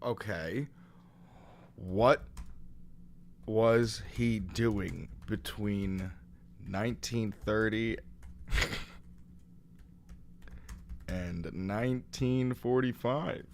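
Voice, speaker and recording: A man hosting a comedic reaction video, reading aloud and reacting with loud, sarcastic, swearing outbursts. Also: lowish voice, drawn-out words, pauses often, a little hiss or hum. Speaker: commentary video host.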